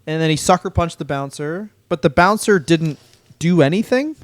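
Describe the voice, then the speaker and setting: A man's voice: mid-range voice, moderate pace, clean tone, dry recording, clean studio sound. A male comedian co-hosting a podcast, rambling in casual chat with lots of "like" and plenty of swearing. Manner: rambling, heavy use of "like", swears freely.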